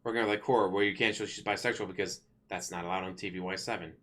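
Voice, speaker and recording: A man ranting casually to camera as a channel host, rambling and correcting himself, blunt and quick to swear. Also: low-pitched, fairly even intonation, fairly bright tone.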